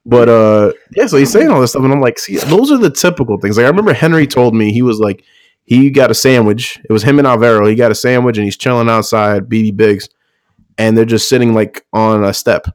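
A man's voice: medium pitch, a little fast, smooth, no echo, clean studio sound. A man on a podcast telling stories in casual chat, swearing and laughing often. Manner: loose, profane, laughs often, acts out quotes.

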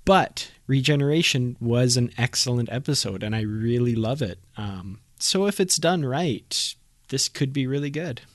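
Measured male podcast co-host, dry mic. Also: medium pitch, lively intonation, dry recording. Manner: measured, friendly, laughs easily. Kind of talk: casual podcast discussion.

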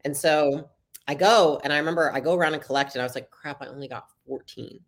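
A young adult woman, a podcast guest, telling her story in a casual, chatty interview and acting out the dialogue. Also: sits low. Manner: fast, chatty, acts out quoted dialogue.

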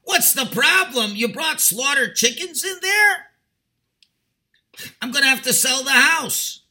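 A man voicing a distraught homeowner in a parable, exasperated and shouting in complaint. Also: animated, a little slow, heavily acted. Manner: exasperated, high-pitched outbursts. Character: distraught middle-aged homeowner, frantic.

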